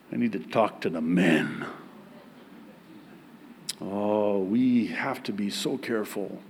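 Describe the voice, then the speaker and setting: A pastor in his forties preaching a sermon in a church, emphatic and joking, with big swings in pitch. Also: darkish tone, slight background noise.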